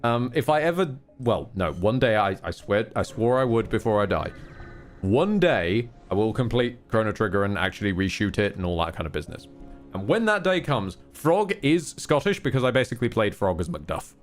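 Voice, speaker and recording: A man's voice: lowish voice, sing-song, normal speed, soft background music. A man live-streaming a game, chatting casually, rambling and swearing often with candid asides.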